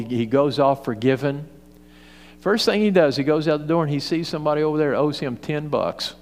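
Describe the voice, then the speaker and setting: A man's voice: mid-range voice, darkish tone. A male pastor preaching a sermon in an emphatic, repetitive storytelling way, heard in a church hall. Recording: reverberant hall.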